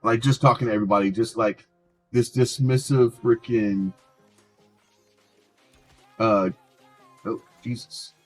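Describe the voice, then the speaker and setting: Husky guy rambling while he games, keeps restarting words, faint music behind. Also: medium pitch, steady tone, unhurried, long pauses. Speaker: game streamer. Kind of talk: casual chat while gaming.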